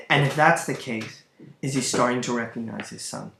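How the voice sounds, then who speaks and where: A man's voice: medium pitch, normal speed, creaky, fairly bright tone. A man lecturing on a play, thinking aloud as he goes, searching for words and restarting his sentences. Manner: thoughtful, searching, with fillers and restarts. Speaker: literature lecturer. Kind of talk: recorded lecture. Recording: roomy echo.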